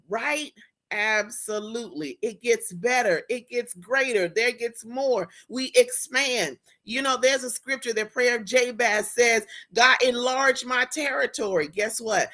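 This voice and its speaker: Excitable, high-pitched woman hosting live. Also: takes it slowly. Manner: excitable, churchy and effusive. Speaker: host. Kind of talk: live-stream talk show chat.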